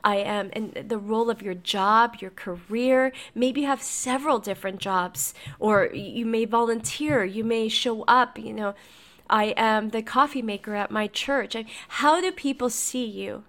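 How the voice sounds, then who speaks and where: Motivational podcast host, woman, a touch high-pitched, earnest and reflective storyteller. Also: a little slow, a bit bright.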